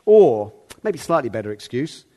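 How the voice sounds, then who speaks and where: A man preaching a sermon in a conversational way, now and then calling out loud to act a part. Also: mid-range voice, very animated, normal speed. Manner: conversational, acts out the servant's calls loudly.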